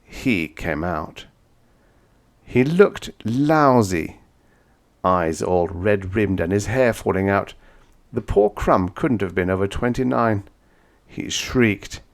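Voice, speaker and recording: A man reading a vintage science fiction story aloud in first person, dramatic, going from hushed to shouting. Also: fairly low pitch, expressive, slow, pauses often. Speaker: audiobook reader.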